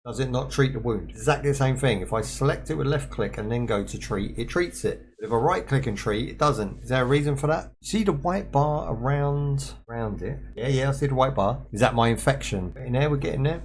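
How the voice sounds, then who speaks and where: A man's voice: mid-range voice, a little fast, few pauses. A young man streaming a survival game, chatting and joking with viewers as he plays. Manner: chatty, joking, talks to chat and to himself. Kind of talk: casual gameplay commentary.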